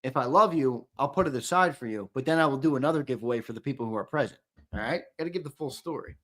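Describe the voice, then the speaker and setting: A young man hosting a live-stream giveaway, chatting and teasing viewers in casual banter, with loud hyped countdowns between low mumbled asides. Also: quick pace. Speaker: show host running a live-stream giveaway.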